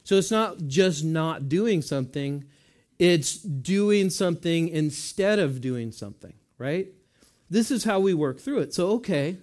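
Expressive and high-pitched with a darkish tone, a man gives a conversational sermon. Like a pastor chatting with his flock, he poses questions to the congregation and answers them himself in quick asides.

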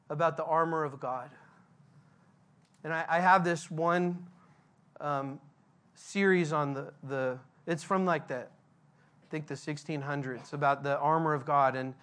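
A male pastor delivering a verse-by-verse sermon at an unhurried, deliberate pace. He talks conversationally but leans hard on key words. He often puts questions to the listeners. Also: high-pitched, fairly bright tone. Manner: conversational, emphatic, asks the congregation questions.

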